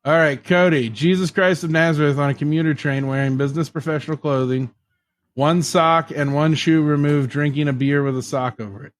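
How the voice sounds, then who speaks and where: A man co-hosting a comedy podcast, rambling in relaxed banter. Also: fairly high pitch, brisk. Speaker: podcast co-host.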